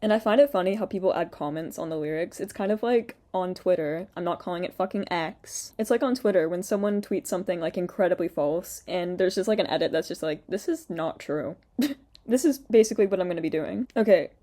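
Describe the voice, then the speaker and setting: A woman's voice: on the low side, fast, mellow. A young woman giving casual reaction commentary on a song's lyrics, sarcastic, swearing often and laughing between lines. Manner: mocks quoted lines in a put-on voice. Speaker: commentary YouTuber.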